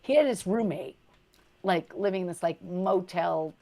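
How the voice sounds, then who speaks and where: A woman's voice: fairly low pitch, measured pace, vocal fry, mellow. A woman hosting a livestream, chatting casually about politics in a talkative, digressive way that often trails off mid-thought. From United States. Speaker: livestream host.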